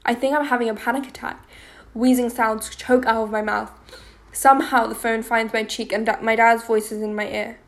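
A woman's voice: fairly high pitch, flat delivery, normal speed. A woman giving first-person audiobook narration in an intimate, emotionally charged manner.

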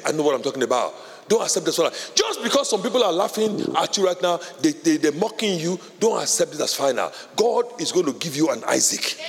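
A male pastor preaching a sermon with fervor, building from quiet, urgent stretches to loud shouted declarations. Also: a little high, gravelly. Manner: fervent preaching, rising to shouts. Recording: long hall reverb.

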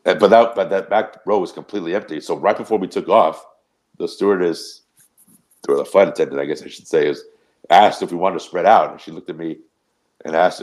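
A man with a very low, deep voice tells a loose, rambling story on a podcast. He swears freely and keeps the tone casual and animated, with a lot of asides. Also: brisk. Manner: rambling, profane, animated anecdote. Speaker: podcast co-host.

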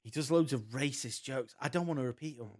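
A man's voice: mid-range voice, fast talker, a crowd in the background. Exasperated sweary man. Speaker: podcast co-host recapping a film. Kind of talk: casual chat.

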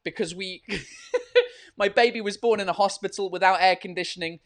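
A man's voice: high-pitched, normal speed, a bit bright. A man hosting a casual live-stream podcast, rambling and swearing freely as he chats from a hot room with a fan running. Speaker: podcast and livestream host.

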